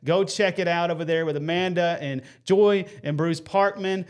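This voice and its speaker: High-voiced earnest man. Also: fairly even intonation, normal speed, clean tone. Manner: earnest, folksy, gives shout-outs. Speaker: host of a live faith stream. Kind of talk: casual live-stream talk.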